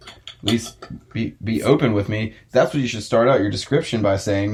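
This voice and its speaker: A man's voice: lowish voice, moderate pace, a little mellow, slightly rough. A young man hosting a casual podcast chat, ranting and swearing with frequent laughs. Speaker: podcast host.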